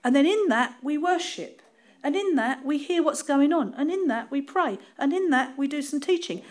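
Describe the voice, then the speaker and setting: At a moderate pace, an East End woman gives a chatty, informal sermon in her Cockney accent. She's a lively storyteller with a high, widely varying voice, laughing frequently and making fun of herself between points.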